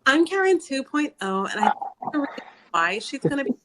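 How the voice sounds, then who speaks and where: A woman's voice: high voice, very animated, brisk, noisy background, pitched above the performer's own voice. A woman voicing an entitled, prim Karen figure in a sarcastic, mock-earnest parody bit.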